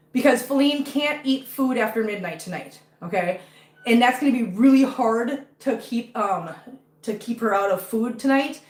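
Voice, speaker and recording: A woman talks casually to her livestream viewers from home, rambling and emotional, her worry close to the surface. Her voice sits a little high. The room around her is echoey. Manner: chatty and emotional, anxious about her cat. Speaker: cat-owning live streamer. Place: home with many cats.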